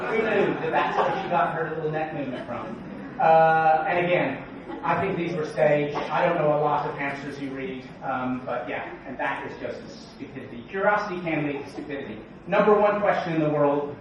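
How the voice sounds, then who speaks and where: A man giving a joking, energetic conference talk and quizzing the audience. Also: fairly high pitch, a little hiss or hum. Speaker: conference speaker. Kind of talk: keynote talk. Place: large conference hall. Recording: echoey hall, distant, dull sound.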